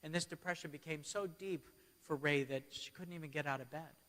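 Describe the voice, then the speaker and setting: A man's voice: a little high, steady tone, a little fast, bright, forceful tone. A man giving a church keynote as a storytelling sermon, often checking in with his audience. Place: church hall. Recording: long hall reverb.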